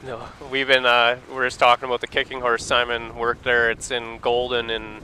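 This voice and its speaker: Canadian man from Alberta, boat operator, laid-back rambling chat, bright edge, faint wind and engine behind. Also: medium pitch, completely flat delivery, normal speed, poor audio. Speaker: boat operator on a live wildlife stream. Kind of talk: casual chat. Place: open boat on the water, outdoors.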